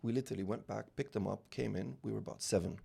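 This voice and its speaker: Gravelly low-voiced man telling a lively story. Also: fast talker. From UAE. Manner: animated anecdotes, acting out dialogue, many restarts. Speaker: real estate founder, guest. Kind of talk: storytelling interview.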